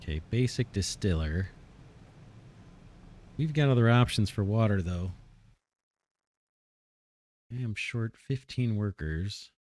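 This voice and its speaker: A man's voice: on the low side, expressive, slow, long pauses, darkish tone, no room sound, studio quality. Man musing aloud over a factory game. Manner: thinking aloud, musing and self-correcting. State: slightly losing his voice. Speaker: let's play host. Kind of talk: casual gameplay commentary.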